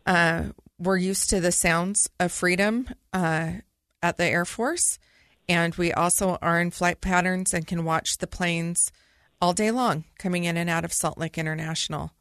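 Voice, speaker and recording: A woman's voice: fairly low pitch, steady tone, a little slow, fairly bright tone, dry recording, studio quality. A middle-aged woman, a podcast co-host, earnestly telling a personal story in vivid detail.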